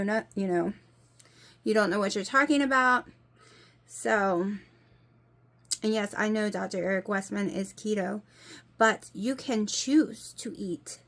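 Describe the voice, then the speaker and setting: A woman, talking casually to camera in a rambling, exasperated, emphatic way. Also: mid-range voice. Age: 40s. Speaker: vlogger.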